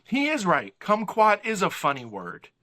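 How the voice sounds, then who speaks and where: A man, a podcast guest, riffing in a casual comedic movie review and acting out lines from the film. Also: high-pitched. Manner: animated, mimics characters in quick asides.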